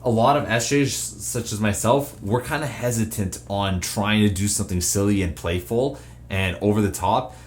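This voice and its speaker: A man giving casual advice to camera, rambling with lots of fillers and restarts. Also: fairly low pitch. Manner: rambling, filler-heavy, with self-interrupting restarts. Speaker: YouTuber giving personality-type advice.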